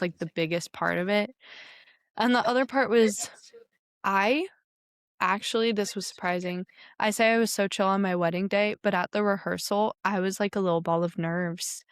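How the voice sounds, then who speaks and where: A woman's voice: mid-range voice, smooth, no room sound, studio quality. Giggly young woman telling a story. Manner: giggly, animated storytelling, many likes. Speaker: podcast guest. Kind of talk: casual chat.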